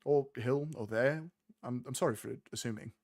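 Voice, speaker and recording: A man voicing a friendly, chatty small gnome woman, a mother, in a bubbly falsetto. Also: fairly even intonation, moderate pace, darkish tone, lightly acted. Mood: apologetic.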